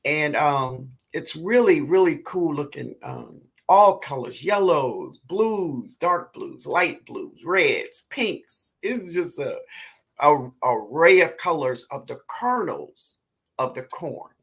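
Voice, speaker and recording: A woman with a New Orleans accent hosting a live gardening show, reading viewer comments aloud in a relaxed way and calling people baby. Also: deep voice, takes it slowly, vocal fry, breathy edge. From Louisiana, US. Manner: calls viewers baby, laughs often. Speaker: gardening livestream host.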